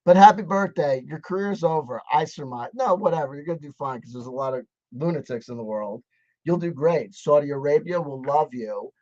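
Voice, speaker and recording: Male commentator, sarcastic and swearing, voice a bit high, dull dry recording. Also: animated, a little fast, dark tone, dry recording. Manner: sarcastic, profane, heated. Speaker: commentator reacting to a video. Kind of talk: ranting video commentary.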